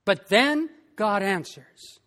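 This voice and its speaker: A pastor preaching a sermon in a slow, emphatic way, with long pauses between phrases. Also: mid-range voice, lively intonation, fairly bright tone, big-room sound.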